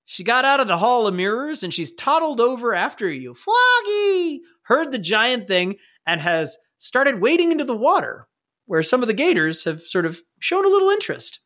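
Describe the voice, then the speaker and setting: A man runs a tabletop game, his voice high for a man and swinging widely in pitch. He narrates in a playful way and laughs easily. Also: sing-song, normal speed, pushed and bright. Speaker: game master.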